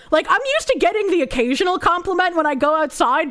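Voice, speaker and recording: A woman's voice: extremely high pitch, lively intonation, fast, few pauses, a bit bright. A woman streamer telling a story in casual chat, rambling, swearing freely and filling her sentences with "like". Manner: rambling and profane, full of fillers like "like".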